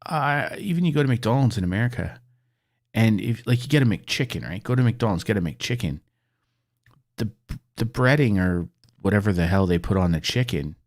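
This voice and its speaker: A man's voice: on the low side, animated, moderate pace. A middle-aged man chatting casually and rambling while gaming, swearing freely as he goes. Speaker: gaming video creator.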